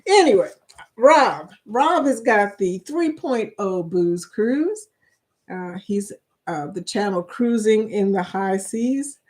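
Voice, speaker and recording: Giggly slow-talking woman host. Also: medium pitch, lively intonation, darkish tone. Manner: giggly, keeps breaking into laughter; reads viewer comments aloud. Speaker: host of a creator chat stream. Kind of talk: casual livestream chat.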